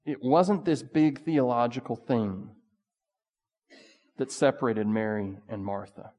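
A man preaching a sermon in a relaxed, conversational way, full of asides. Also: mid-range voice, takes it slowly, big-room sound, muffled recording. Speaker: pastor.

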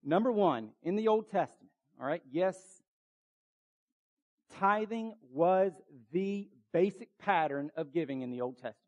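Male pastor, mid-high voice, emphatic sermon delivery with quick asides, dull lo-fi recording. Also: animated, a little mellow.

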